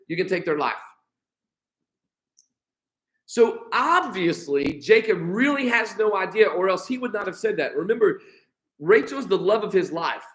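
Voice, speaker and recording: The audio is poor in this church recording of a midweek Bible study. An American pastor, his voice high and bright, reads scripture out loud before explaining it through casual, modern paraphrase.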